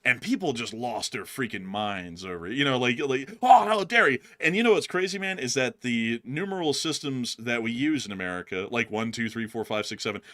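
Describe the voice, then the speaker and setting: A man's voice: mid-range voice, a bit bright. A man hosting a casual war-news commentary stream, chatty and rambling, laughing often. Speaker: host.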